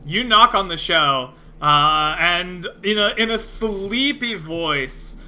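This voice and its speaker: A man narrating as game master for a tabletop game, unhurried and hesitant with fillers. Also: high-pitched, lively intonation, sharp tone.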